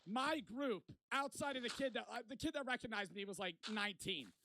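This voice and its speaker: A man's voice: extremely high pitch, lively intonation, brisk, sharp tone, a little hiss or hum. A man in his twenties telling a rambling, profane story in casual vlog style. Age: 20s. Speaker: vlogger.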